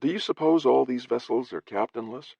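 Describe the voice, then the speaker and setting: A man voicing a sharp, practical young woman adventurer who asks brisk, direct questions, in a dry, slightly dull recording. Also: medium pitch, vocal fry, breathy edge, no echo, pitched above the performer's own voice. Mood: curious.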